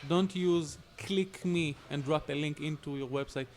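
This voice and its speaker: A man's voice: fairly high pitch, a little slow, a little mellow, slight background noise. A man on a podcast panel explaining search strategy in an instructive, emphatic way. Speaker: SEO panelist. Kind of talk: casual podcast discussion.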